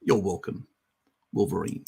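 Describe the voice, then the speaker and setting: A man hosts a casual live stream and answers viewer questions with a sarcastic, mocking edge. His voice is gravelly and husky, with a breathy rasp. He laughs often. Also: low voice, measured pace, mellow.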